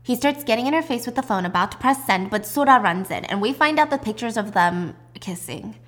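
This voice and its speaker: A woman's voice: lively intonation, fairly quick, a bit bright. A woman casually recapping a drama, acting out the characters' lines and swearing freely. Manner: swears freely, acts out the lines with big pitch jumps. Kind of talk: casual recap with acted dialogue.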